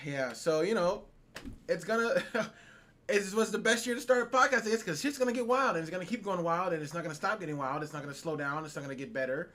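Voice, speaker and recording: A podcast co-host with a high-pitched, slightly bright voice talks quickly, ranting in heated, profane, incredulous bursts during casual talk.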